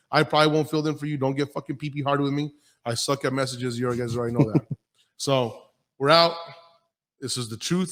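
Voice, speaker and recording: A man's voice: a little high, fairly bright tone, big-room sound. A man hosting a podcast, talking bluntly in a casual chat, swearing often and telling stories. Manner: blunt, heavy swearing, storytelling. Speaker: podcast host.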